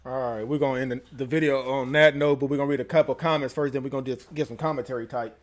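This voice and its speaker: A man's voice: mid-range voice, steady tone, fast talker. A man hosting casual reaction commentary in a laid-back, conversational way. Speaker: commentary channel host.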